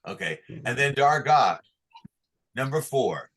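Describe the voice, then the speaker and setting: A man's voice: medium pitch, very animated, takes it slowly, noisy background. A man teaching Torah cantillation online, patiently explaining each sign and singing short chant examples for the class to repeat.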